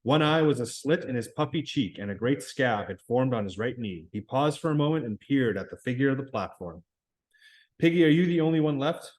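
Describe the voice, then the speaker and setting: A man reading a novel aloud in a plain, measured way. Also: mid-range voice, lively intonation. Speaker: reader.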